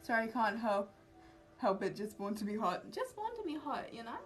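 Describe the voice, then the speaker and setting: A woman's voice: medium pitch, fairly even intonation, normal speed, lightly acted. A woman putting on a ditzy, vain young Valley Girl voice with an airy, self-satisfied drawl. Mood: smug. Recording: distant mic with music behind.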